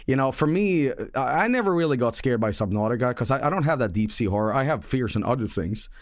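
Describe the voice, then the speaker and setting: A man's voice: mid-range voice, lively intonation, fast, no echo. Profane rambling male streamer, dry mic. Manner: rambling, profane, joking storytelling. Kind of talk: casual livestream chat about a movie.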